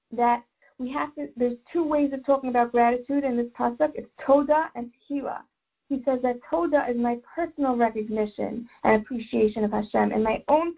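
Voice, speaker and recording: High husky woman teaching a class. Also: highs cut off. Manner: warm explanatory teaching, repeats phrases while thinking. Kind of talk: Torah class with life coaching.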